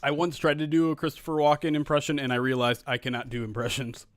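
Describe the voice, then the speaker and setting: Here a man's slightly high voice barely moves in pitch as he streams a football video game sim. He talks easily with his viewers, calls each play and laughs at his own expense, chatty and quick to crack up, in a loose live-stream, play-by-play style.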